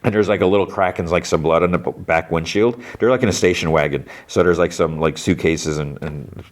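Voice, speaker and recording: A man's voice: low voice, a little fast. A man hosting a podcast, retelling an episode in a rambling, casual way, full of "like" and "you know". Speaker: podcast host.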